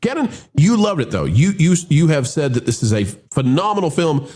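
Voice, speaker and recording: Guy hosting a movie review, kinda high voice, swoopy showman delivery, lots of restarts. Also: brisk, slightly rough. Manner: showman-style greetings, animated and rambling with restarts. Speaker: host. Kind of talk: casual movie review chat.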